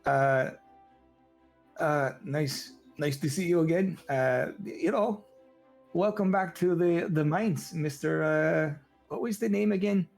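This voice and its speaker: Man playing a genasi miner, stammering, evasive, soft faint music behind. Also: on the high side, takes it slowly, creaky, voice pushed up. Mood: awkward. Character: shy male earth genasi miner, rocky body.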